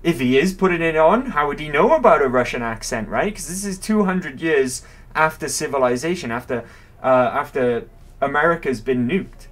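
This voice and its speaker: A man's voice: fairly high pitch, animated, normal speed, a bit bright. A man commentating his game live, musing aloud in a rambling, curious way. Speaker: game streamer. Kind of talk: livestream gameplay commentary.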